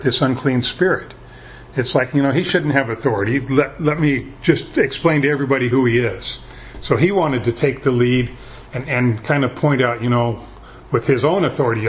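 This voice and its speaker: A man's voice: mid-range voice, slight background noise. A man preaching a sermon as pastor, talking in a conversational way and often repeating words as he restarts.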